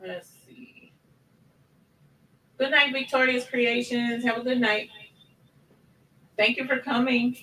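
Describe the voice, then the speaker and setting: A woman's voice: a little high, steady tone, slow, long pauses, bright, forceful tone. A woman hosting a crafting livestream, chatting casually and gushing to her viewers. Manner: gushing, addresses viewers as y'all. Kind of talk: casual live demo chat.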